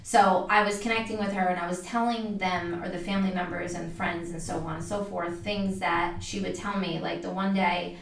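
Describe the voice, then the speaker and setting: A woman's voice: on the low side, flat delivery, normal speed, hardly any pauses, distant mic, slight background noise. A woman being interviewed as a medium, telling stories in a chatty way with many fillers. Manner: chatty, many fillers, acts out quoted voices. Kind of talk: casual storytelling interview. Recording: roomy, a bit off the mic.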